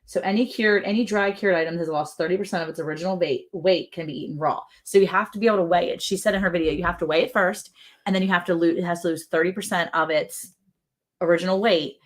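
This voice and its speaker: A woman with a fairly low voice hosts a relaxed livestream from a ranch. She chats easily, reads viewer comments aloud and laughs often. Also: fast. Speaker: livestream host. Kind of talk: casual livestream chat. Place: ranch home.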